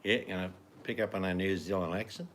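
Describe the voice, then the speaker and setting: A very deep-voiced man in easygoing, teasing banter. He jokes around and drifts into mock-grand recitals, with a faint hiss of noise behind him. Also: fairly even intonation, quick pace. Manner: playful, teasing, slips into theatrical recitals. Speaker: livestream co-host. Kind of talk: casual chat.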